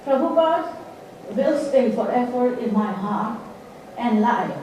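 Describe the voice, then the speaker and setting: Halting woman in a distant echoey hall. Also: a little high, expressive, mellow, a little hiss or hum. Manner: halting, with fillers. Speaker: retreat participant sharing a reflection. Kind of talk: personal testimony at a gathering. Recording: echoey hall, mic far off.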